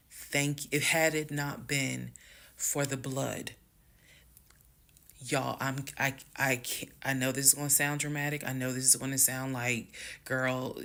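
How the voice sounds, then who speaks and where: Gravelly-voiced woman telling a story. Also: rumbling low. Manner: animated, emphatic, talks straight to viewers. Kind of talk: casual storytime monologue.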